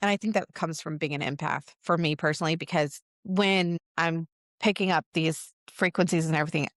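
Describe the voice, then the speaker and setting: A woman co-hosting a casual spiritual podcast, telling stories in an animated way and acting out the quotes. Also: deep voice, brisk, no echo, clean studio sound. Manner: animated storyteller, acts out quotes, laughs often. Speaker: podcast co-host.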